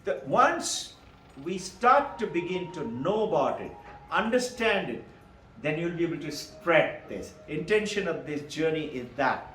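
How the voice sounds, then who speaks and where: A man's voice: fairly high pitch, unhurried, echoey room, slight background noise. A man teaching spiritual philosophy, asking rhetorical questions and answering them himself with frequent chuckles. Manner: animated, chuckles often. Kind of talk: lecture on Vedanta.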